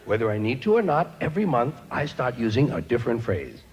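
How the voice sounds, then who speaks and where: Recorded live on stage before a laughing audience, a man performs stand-up comedy with a wry, sardonic delivery. His medium-pitched voice is very animated and fairly quick.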